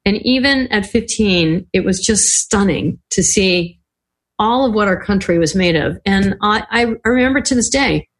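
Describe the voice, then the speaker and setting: A woman's voice: mid-range voice, animated, moderate pace. An older woman, a podcast guest, telling stories in casual talk, acting out the voices she quotes and laughing often. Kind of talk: casual storytelling interview.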